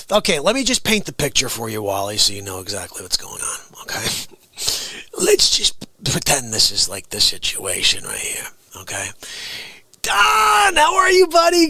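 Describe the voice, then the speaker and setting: A man hosting a live stream, ranting comically at his chat, swinging between shouting and hushed asides. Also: a little high, dry recording. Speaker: livestream host. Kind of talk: comedic live-stream rant.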